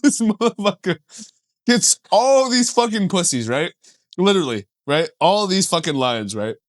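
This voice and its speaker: A young man co-hosting a casual podcast, his voice sitting a little high. He rambles through a made-up tale, swearing freely and breaking into laughter mid-line. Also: big pitch swings, moderate pace. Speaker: podcast co-host. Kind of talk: casual comedic chat.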